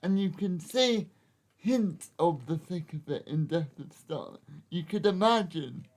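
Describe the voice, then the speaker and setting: A man's voice: fairly high pitch, animated, measured pace, darkish tone. A man co-hosting a casual podcast chat, chatty and laughing as he interjects. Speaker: podcast co-host.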